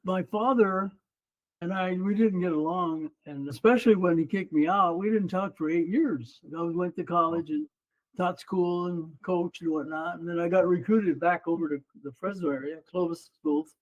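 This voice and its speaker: In a dull, lo-fi recording made in a room at his home, a high-pitched man at a moderate pace talks about his life. He is a Mexican former runner and coach in his seventies, a podcast guest speaking earnestly and often using "you know."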